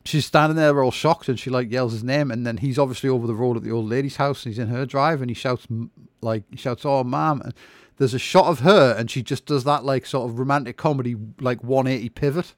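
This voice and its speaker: Casting: man, podcast co-host, rambling sarcastic delivery, middle pitch, dry close sound. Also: fairly even intonation, fast, few pauses, no room sound. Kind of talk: casual comedic chat.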